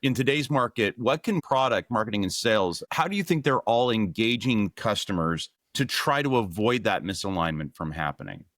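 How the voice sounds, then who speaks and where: A man's voice: fairly low pitch, lively intonation, moderate pace, hardly any pauses, a bit bright, dry recording, clean studio sound. A middle-aged man hosting a podcast, upbeat and friendly, moving from a scripted welcome into easy conversation. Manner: upbeat, scripted intro then friendly chat. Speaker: podcast host.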